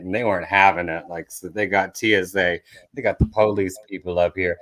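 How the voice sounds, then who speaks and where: A man, a comedian guest on a podcast, telling a story in an animated way that builds to loud bursts. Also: deep voice, fairly quick.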